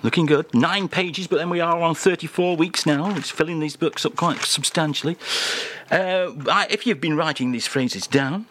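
A man's voice: fairly high pitch, moderate pace, fairly bright tone, a little hiss or hum. A man hosting a comic radio segment, bantering in a chirpy, mock-pompous way. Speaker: radio host.

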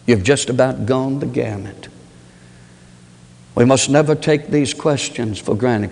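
A man preaching a sermon, moving between low, measured reflection and high, pleading rhetorical questions. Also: creaky, darkish tone. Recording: long hall reverb.

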